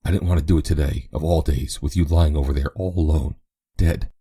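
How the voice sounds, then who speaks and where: A man's voice: a bass voice, fairly even intonation, a little fast, dark tone, husky. A man voicing a grieving young woman who is fighting a morphine craving, speaking in a tense, strained way. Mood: anguished.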